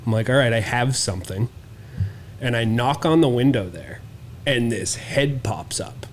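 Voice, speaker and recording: A man's voice: medium pitch, expressive, normal speed, a little hiss or hum. A man co-hosting a podcast, telling a wild story in casual, profane chat and acting out the quotes. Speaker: podcast co-host.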